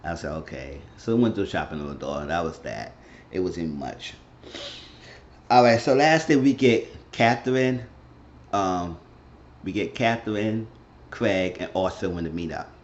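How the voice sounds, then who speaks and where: A man with a very low voice rambles through a casual recap of a reality show, slipping into quoted voices as he retells scenes. The recording is dull and lo-fi, with a faint hiss of noise behind him. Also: expressive, unhurried. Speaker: YouTube recap host.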